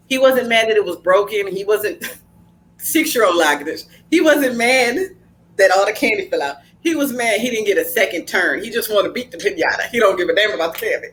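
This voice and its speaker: A woman's voice: medium pitch, fairly quick, a bit bright, a little hiss or hum, rough recording. Woman podcast host, blunt storyteller, cusses a little, does the voices. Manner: storytelling, acting out family dialogue; frank, blunt, with mild cursing. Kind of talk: casual podcast chat.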